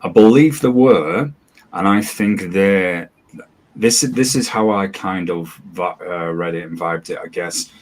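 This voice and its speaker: Very deep-voiced man. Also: a little slow. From northern UK. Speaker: co-host. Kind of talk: casual review chat.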